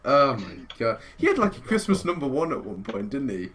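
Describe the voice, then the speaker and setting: A man's voice: mid-range voice, big pitch swings, fairly quick, fairly bright tone, husky. A man from England co-hosting a podcast in casual, sweary chat, laughing often. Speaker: podcast co-host.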